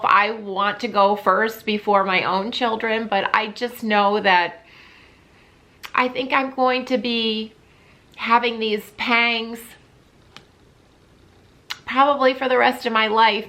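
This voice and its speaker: A woman in her fifties talking candidly to camera in a personal vlog, heartfelt and halting, with frequent pauses and restarts. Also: fairly high pitch, bright, forceful tone. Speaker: vlogger.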